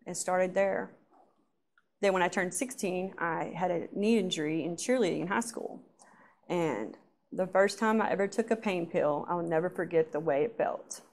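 A woman giving a personal church testimony, telling her story in a halting, soft-spoken way that often trails off. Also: fairly low pitch. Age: adult. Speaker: testimony speaker.

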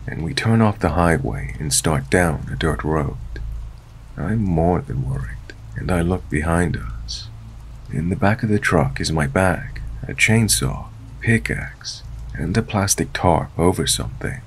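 A man narrating a true scary story in a steady, measured storytelling voice. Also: very deep voice, a little hiss or hum. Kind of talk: scripted narration.

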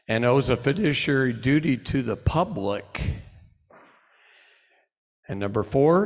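A middle-aged man delivers a live seminar talk in a preaching style, his voice rough and gravelly at a middle pitch. He swings from loud, rising bursts to low, quiet asides. The sound carries a long reverb from a large hall. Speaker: seminar speaker.

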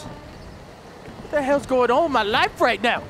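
High-pitched jumpy gamer man. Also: lively intonation, unhurried, noisy background. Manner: jumpy, swears and shrieks when startled. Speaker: gaming video host. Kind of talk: let's play commentary. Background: horror game music.

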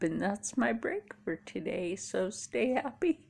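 A woman's voice: mid-range voice, animated, a little slow, gravelly, darkish tone, slight background noise. A tired middle-aged woman chatting casually to camera, rambling and musing aloud. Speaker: vlogger. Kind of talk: casual chat.

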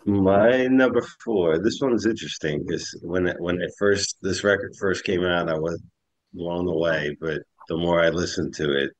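A man on a podcast panel, chatting eagerly in quick bursts between pauses. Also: low-pitched, dry recording. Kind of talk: casual chat.

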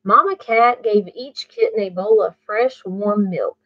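A woman reading a bedtime story aloud to children, pausing to ask the listener questions. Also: medium pitch, dry recording. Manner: slow, asks the listener questions. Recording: muffled dry recording.

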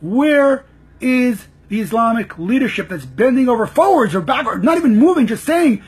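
A man's voice: very high-pitched, sing-song, moderate pace, breathy edge. A man giving impassioned, frustrated live commentary, firing off rhetorical questions and repeating himself. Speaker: political commentator.

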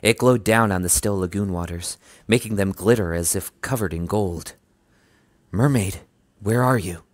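In a dry recording, a male audiobook reader narrates a children's book at a moderate pace. He keeps it lively and pitches up to voice the characters' lines.

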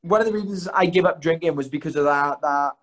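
A man's voice: a little high, quick pace, a bit bright. A young man, chatting as a podcast guest, telling rambling, self-mocking stories full of swearing. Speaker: guest, fighter. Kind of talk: casual podcast chat.

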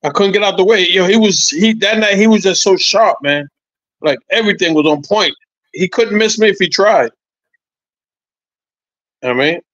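A man in his sixties, a former boxer, telling animated, profane stories as a podcast guest, repeating his points. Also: high-pitched, moderate pace, long pauses, no room sound, highs cut off. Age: 60s. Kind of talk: casual podcast chat.

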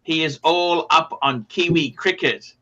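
A man's voice: fairly high pitch, unhurried, pushed and bright, lo-fi sound. A man hosting a casual livestream chat, swearing freely and reading out donations. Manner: brash, profane, rattles off donation names. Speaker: livestream host.

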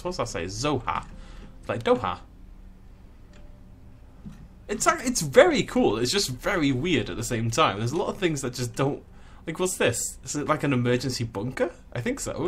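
Animated chatty man playing games. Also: mid-range voice, slight background noise. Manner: chatty, talks to animals in a cooing voice. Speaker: gaming channel host. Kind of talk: casual gameplay commentary.

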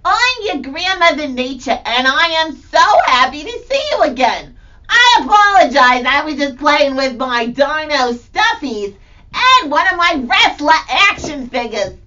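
A cheerful, playful grandmother, played by a woman, hosts a children's feelings segment in a high, swooping voice. She speaks slowly and exclaims often. The recording is distant and dull. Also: slight background noise, full character voice. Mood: bubbly. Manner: bubbly, animated, exclamatory. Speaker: segment host. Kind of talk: children's educational show acting.

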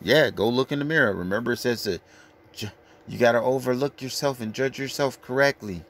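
Brash, crude-talking man preaching scripture. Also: medium pitch. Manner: brash, crude, lecturing, reads verses slowly. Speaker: street preacher. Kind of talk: profane scripture rant.

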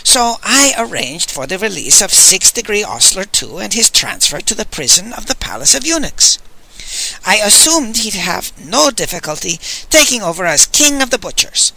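A man voicing an old, sardonic male sage who talks in a dry, brisk, exasperated way, in an audiobook. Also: sits high, very animated, creaky, sharp tone, voice pushed up, exaggerated voice, rough recording. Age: older.

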